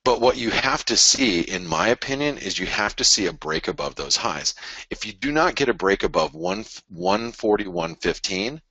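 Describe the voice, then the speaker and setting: A man hosting a live forex show, walking through price charts in an animated, restless way, often restarting sentences and arguing with imagined viewers. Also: fairly low pitch, normal speed, no echo, highs cut off. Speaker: forex market show host. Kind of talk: live trading chart analysis.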